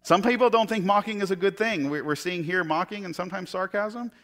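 Delivering a sermon briskly with a fairly bright tone, a pastor retells a scripture story laced with sarcasm. Now and then he laughs, and he acts out the quoted lines using higher and lower voices.

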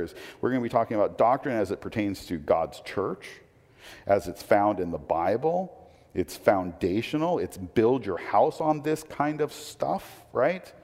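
A man's voice: medium pitch, a little mellow, long reverb tail. A man preaching a sermon as a pastor, conversational with frequent rhetorical questions.

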